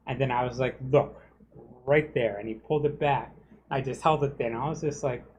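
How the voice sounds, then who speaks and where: A man's voice: medium pitch, fairly even intonation, fast talker, husky, muffled recording. A man streaming gameplay and ranting heatedly, swearing often and asking "you know what I'm saying?" again and again. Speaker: game streamer. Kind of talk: casual rant while streaming gameplay.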